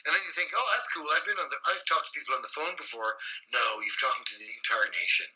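A man's voice: medium pitch, fast, bright, forceful tone, husky, rough recording. A man, an advertising copywriter guesting on a podcast, rambling and self-deprecating with frequent restarts and casual swearing. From Ireland. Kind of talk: casual interview chat.

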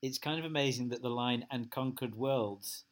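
A man's voice: mid-range voice, normal speed. Guy interviewing someone, chill questions, ordinary mid voice. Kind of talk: casual interview chat.

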